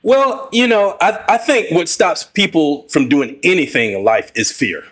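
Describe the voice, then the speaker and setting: A man's voice: on the high side, animated, a little slow, a bit bright. A man as a podcast guest in casual conversation, encouraging and leaning on fillers.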